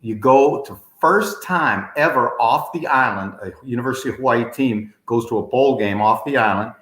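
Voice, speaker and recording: Guy hosting a chat show, tells stories in a lively way, roomy echo around him. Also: medium pitch. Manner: animated storyteller, quick asides. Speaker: host. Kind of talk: casual interview chat.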